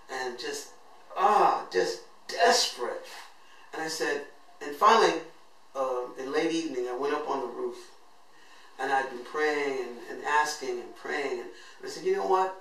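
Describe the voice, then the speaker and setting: A man's voice: fairly high pitch, a bit bright. A man earnestly telling his own life story as host, acting out what he said back then. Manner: earnest and emotional, acts out his own past words. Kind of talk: personal storytelling monologue. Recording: echoey room, voice from a distance.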